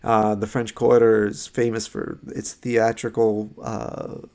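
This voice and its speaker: A man's voice: on the low side, little pitch movement, slow, a little mellow, smooth. A man giving a recorded slideshow lecture on music history, conversational, with many fillers and restarts and frequent "right?" checks.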